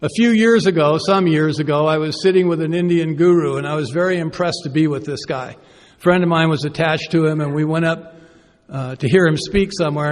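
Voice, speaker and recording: A man giving a personal recovery talk from a podium, conversational and self-deprecating, asking the audience rhetorical questions. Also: a little high. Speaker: recovery meeting speaker. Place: conference hall. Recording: reverberant hall.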